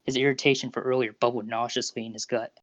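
A narrator reading fan fiction aloud in a steady, even manner over a Discord call. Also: mid-range voice, fast, no room sound. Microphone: Discord voice call recording. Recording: dull lo-fi Discord audio.

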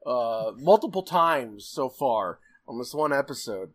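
A man's voice: medium pitch, animated, measured pace. A man co-hosting a casual podcast, swearing freely, laughing often and acting out characters' lines as he recaps a show.

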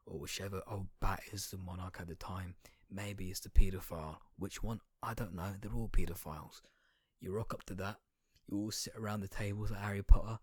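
Low, husky young guy ranting sarcastically. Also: no echo, clean studio sound. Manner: sarcastic, crude, rambling, slangy. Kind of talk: satirical comedic rant.

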